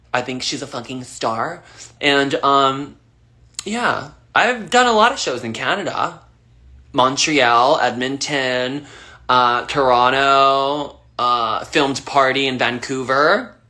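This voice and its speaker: A man's voice: mid-range voice, pushed and bright. A young man casually answering fan questions on a livestream, rambling loosely and swearing freely.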